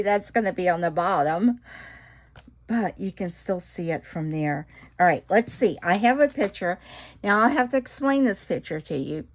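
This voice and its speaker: A woman's voice: on the low side, lively intonation, moderate pace. A middle-aged woman, chatting casually to viewers while crafting and gushing over her work, often dropping to an awed whisper. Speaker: resin craft vlogger.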